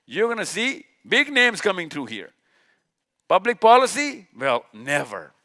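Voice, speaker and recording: In an event hall, a man delivers a live lecture in a high, bright voice with huge swings in pitch, taking his time and speaking forcefully. He clicks through slides, hammers on key words by repeating them, and poses rhetorical questions he then answers.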